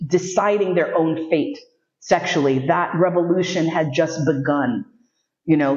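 A woman's voice: lowish voice, a little mellow. Candid woman telling stories, roomy sound. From New York City. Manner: candid, humorous, acts out quoted voices. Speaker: sexuality educator. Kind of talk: storytelling lecture. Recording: muffled roomy recording.

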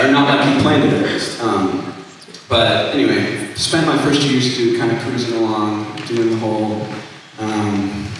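A man's voice: on the low side, noisy background. A young man giving a casual, rambling testimony between songs at a student concert, full of fillers and self-corrections. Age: young adult. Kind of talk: informal spoken testimony at a concert. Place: concert hall. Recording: echoey hall, heard from far off.

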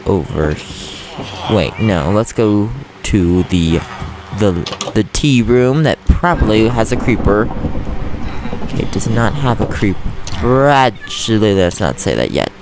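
Animated young man narrating Minecraft play. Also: on the low side, noisy background. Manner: excitable, swings from calm chatter to loud frustrated rants. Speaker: gaming host. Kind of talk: casual Minecraft commentary.

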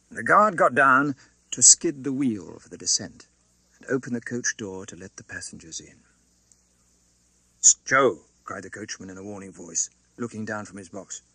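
A male narrator reads a classic novel with a lively, dramatic rise and fall in his voice. His tone is bright with a faint husky edge. The recording is dry and close-miked. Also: mid-range voice, dry recording. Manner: expressive, dramatic reading. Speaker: audiobook narrator.

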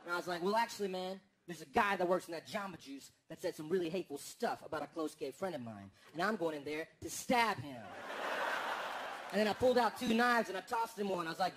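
Male stand-up comedian, very high voice, deadpan stories with loud outbursts, faint audience laughter behind. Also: fast talker. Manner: deadpan storytelling that breaks into loud, exaggerated outbursts. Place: comedy stage before a live audience. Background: audience laughter and applause.

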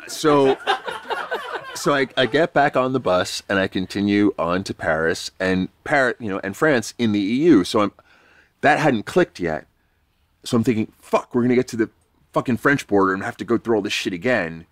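A man's voice: on the low side, lively intonation, normal speed, no room sound, clean studio sound. A man from New York, a podcast guest, telling a rambling, self-deprecating story in a casual, swearing way.

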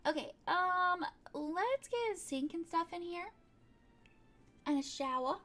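A woman's voice: very high-pitched, animated, slow, bright, forceful tone, soft background music. A woman giving casual, chatty commentary while she plays a building game, thinking aloud and tossing in playful sound words. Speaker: gaming video creator.

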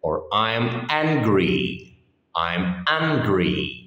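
A man reading English phrases for a lesson, one at a time with pauses and frequent repeats. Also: on the low side, big pitch swings, sharp tone, lo-fi sound. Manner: reads each phrase on its own with pauses, often repeating it. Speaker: English teacher. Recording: echoey room with long reverb.

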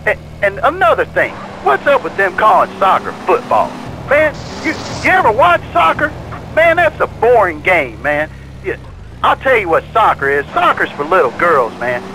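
A man's voice: sits high, wildly swooping pitch, normal speed, sharp tone, slight background noise, heavily acted, poor audio. An actor playing a boorish male caller on a talk-radio show, ranting scornfully and saying "man" all the time. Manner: ranting, says "man" constantly. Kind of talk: talk radio call-in rant.

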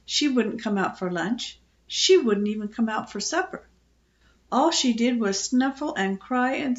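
A woman's voice: a little high, lively intonation, measured pace, lo-fi sound. Older grandmother reading a storybook aloud. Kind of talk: reading a children's book aloud.

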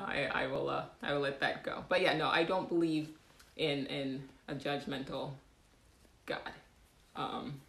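A woman hosting a casual livestream, talking in an animated way with frequent laughs, fillers and restarts. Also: low-pitched, gravelly, echoey room. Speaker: livestream host.

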